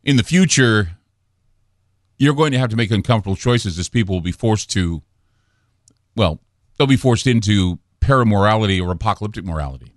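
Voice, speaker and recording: A man hosts a late-night radio talk show in a low, deep voice. He speaks in a brooding, ominous way, with heavy pauses and restarts. The studio sound is close and dry, with no room echo. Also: expressive. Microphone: studio broadcast microphone.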